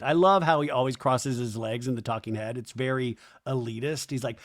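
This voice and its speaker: A man's voice: mid-range voice, a little fast, few pauses. Sarcastic chatty man recapping a show. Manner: chatty and sarcastic, quoting cast members in mock voices. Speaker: podcast host recapping a reality show. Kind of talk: casual recap commentary.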